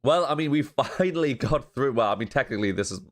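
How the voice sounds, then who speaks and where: Chatting casually as he reacts to a show, this northeast English man laughs a lot and swears freely, his nose clearly blocked. He talks fast, with a medium-pitched, expressive voice.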